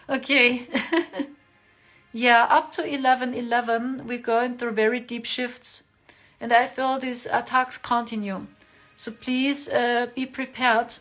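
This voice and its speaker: Brief: woman livestream host, gentle repetitive delivery, slightly high voice. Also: flat delivery, a little slow, faint music behind. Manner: gentle, repeats words for emphasis. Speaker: livestream host giving spiritual readings. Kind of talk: casual livestream chat.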